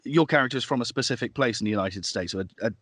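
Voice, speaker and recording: Guy talking shop about narrating, even mid voice, dry close sound. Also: medium pitch, fast, dry recording. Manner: thoughtful, explains at length. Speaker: guest, audiobook narrator and producer. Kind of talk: casual interview chat.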